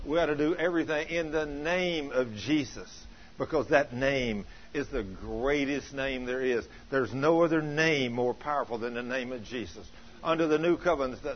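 A man's voice: on the high side, husky. A man preaching a sermon, telling stories earnestly and acting out the voices of the people he quotes. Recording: dull lo-fi recording.

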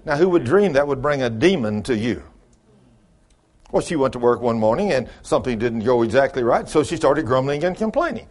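A man preaching a sermon in folksy storytelling style, dropping to low mutters and rising to high exclamations. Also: expressive, fairly quick, a little mellow. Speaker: pastor.

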